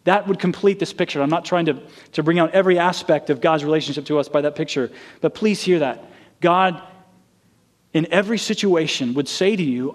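A man's voice: fairly high pitch, normal speed. A man preaching a sermon, telling a story earnestly and acting out the quoted lines.

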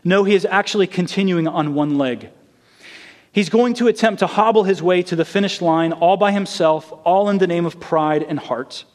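Male preacher, earnest sermon storyteller, a touch high-pitched. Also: moderate pace. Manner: earnest storytelling, acting out quoted lines.

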